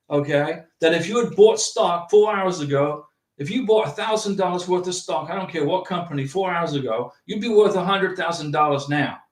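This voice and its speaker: A man hosting a livestream, chatting casually and reading out viewer comments in an animated, rambling way with many restarts. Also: high voice, far from the mic. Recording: roomy echo, from off the mic.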